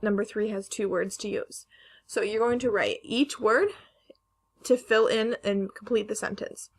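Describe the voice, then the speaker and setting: Woman, primary teacher, recorded phonics lesson, patient and deliberate, a little gravelly. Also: mid-range voice, fairly even intonation. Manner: slow, careful, stretching sounds to model pronunciation.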